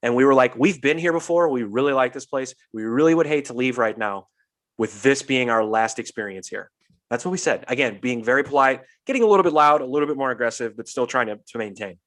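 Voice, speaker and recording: A young man hosting a casual podcast tells a long story with a lot of life, acting out each voice and cursing freely. His voice sits at an ordinary pitch for a man. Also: quick pace. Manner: animated storyteller, swears freely, acts out quotes. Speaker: podcast host.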